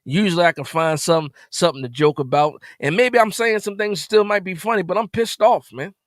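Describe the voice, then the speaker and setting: A man hosting a live stream, ranting in an exasperated way after a game, repeating himself and jumping suddenly louder. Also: high voice, a little fast, no room sound, clean studio sound. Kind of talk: animated post-game rant.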